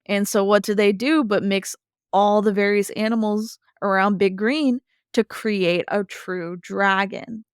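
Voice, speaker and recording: A female podcast co-host recounts a cartoon episode in relaxed chat, animatedly narrating and briefly acting out characters' dialogue. Her mid-range voice is clear and resonant at a measured pace, heard in echo-free studio quality.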